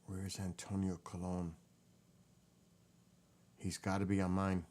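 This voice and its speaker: A man's voice: low voice, a little slow. A man vlogging casually and emotionally, muttering and exclaiming as he reads. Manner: emotional, excited, muttering while reading. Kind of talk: casual vlog, researching family tree.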